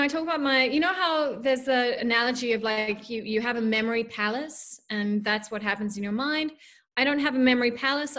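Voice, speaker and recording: A woman's voice: fairly high pitch, a bit bright. A woman from South Africa with a mixed, drifting accent, chatting casually as an author guest over a video call, self-deprecating and full of fillers. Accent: mixed South African, drifting toward American and Irish. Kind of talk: casual interview.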